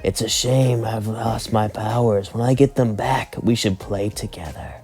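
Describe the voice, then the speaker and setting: A man voicing a manic male killer clown spirit who is playful, excitable and relishes cruelty. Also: lowish voice, a little slow, breathy edge, soft background music. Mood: gleeful.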